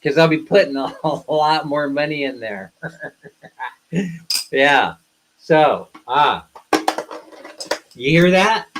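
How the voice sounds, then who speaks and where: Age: adult. Sex: man. Pitch: fairly high. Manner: blunt, ranting live streamer. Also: slow pace, pauses often, noisy background. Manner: blunt, ranting, talks straight to viewers. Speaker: live streamer, co-host of a couple's channel. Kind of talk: casual live stream talk.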